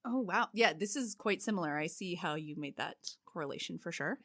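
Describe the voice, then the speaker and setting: A woman's voice: lowish voice, a little fast, no echo. Woman narrating a case, dry close sound. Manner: steady storytelling with frequent "like" fillers. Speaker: podcast co-host telling the case. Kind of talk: casual true-crime podcast narration.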